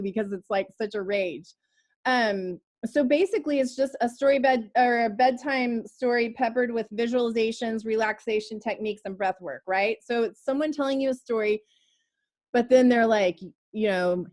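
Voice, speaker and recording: A woman's voice: a little high, darkish tone. A woman co-hosting a podcast, talking in a playful, teasing way and swearing casually. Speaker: podcast co-host.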